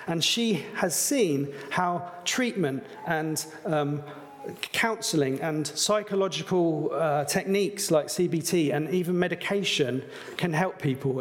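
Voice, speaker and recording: A man's voice: on the high side, a little slow, long reverb tail. A man preaching a sermon in an earnest, conversational way, with some fillers. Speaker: pastor.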